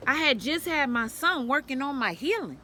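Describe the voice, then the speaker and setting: A woman's voice: high-pitched, very animated, moderate pace, sharp tone, slight background noise. A woman telling a personal story to the camera, speaking bluntly with plenty of profanity and urging other women directly. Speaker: vlogger sharing a personal story. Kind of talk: candid storytelling vlog.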